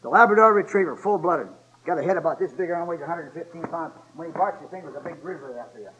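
A man in his seventies preaching a sermon in a folksy, joking way, telling stories and building up to loud exhortation. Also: on the high side, rapid-fire, muffled recording. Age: 70s.

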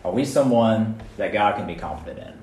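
Casual young-sounding preacher in an echoey room. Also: male voice, lowish voice, fairly quick, soft background music. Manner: conversational, animated, frequent "right?" and "guys". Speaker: youth preacher. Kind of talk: casual sermon. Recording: echoey room, mic at a distance.

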